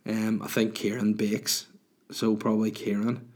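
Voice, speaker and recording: A man's voice: fairly low pitch, little pitch movement, measured pace, darkish tone. A man hosting his own podcast, chatting casually and answering listener questions. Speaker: podcast host and comedian. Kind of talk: casual solo podcast chat.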